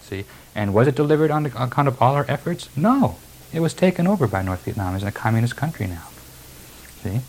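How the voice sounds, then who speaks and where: A man's voice: medium pitch, animated, fairly quick, low-quality recording. A man preaching a sermon, reading verses and then explaining them emphatically. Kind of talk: sermon expounding scripture.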